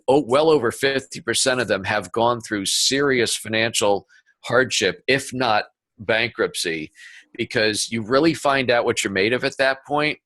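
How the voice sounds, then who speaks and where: Bright-voiced man telling business stories. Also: medium pitch, dry recording. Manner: animated storyteller, quick asides. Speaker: interview guest, entrepreneur. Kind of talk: conversational interview. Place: home office.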